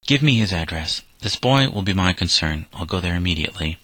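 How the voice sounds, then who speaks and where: Man reading as a gentle old florist, deep and dry. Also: animated, brisk, no room sound, heavily acted, rough recording. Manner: gentle, earnest storytelling delivery. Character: elderly male florist, gentle, forgiving, humble.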